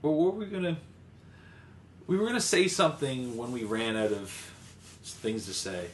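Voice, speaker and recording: A man's voice: mid-range voice, normal speed. A man co-hosting a podcast, chatting casually with laid-back, sparse remarks in an echoey room. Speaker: podcast co-host. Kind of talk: casual chat. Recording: roomy echo, faint noise.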